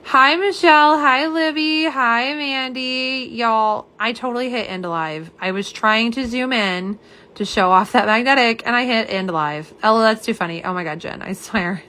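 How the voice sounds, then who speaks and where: A young woman with a slightly hoarse, fairly high voice hosts a casual live stream. She is chatty and self-deprecating and talks straight to her viewers. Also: a little slow, bright, forceful tone. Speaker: live stream host showing nail polish swatches.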